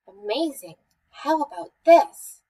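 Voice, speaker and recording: A woman's voice: on the high side, sing-song, a little slow, husky, heavily acted. A woman voicing a polite little mouse. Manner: very polite, eager, mischievous. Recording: voice a bit far from the mic.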